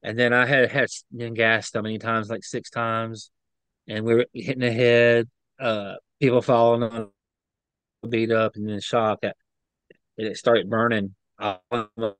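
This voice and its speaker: Smooth-voiced man recalling events. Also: lowish voice, flat delivery, a bit bright, dry recording. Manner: earnest, halting, emotional retelling. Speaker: interview guest, eyewitness. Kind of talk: personal recollection in an interview.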